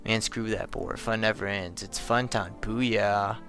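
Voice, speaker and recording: A man's voice: on the low side, fairly even intonation, a little slow, a bit bright, faint music behind. A man voicing a laid-back young stoner who talks in drawling slacker slang. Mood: mellow. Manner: drawling surfer-dude slang.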